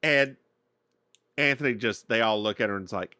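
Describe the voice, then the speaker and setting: A man's voice: on the low side, moderate pace, no echo. A man co-hosting a podcast, chatting casually and playfully about a sitcom episode. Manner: animated, playful, calls his friend "girl". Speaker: podcast co-host.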